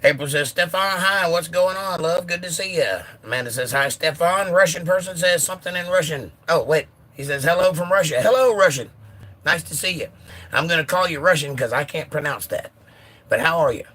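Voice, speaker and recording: Bright-voiced man chatting on a phone livestream. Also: a little high. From United States. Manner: chatty, joking, reads comments aloud. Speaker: livestream host. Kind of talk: casual live chat, reading viewer comments.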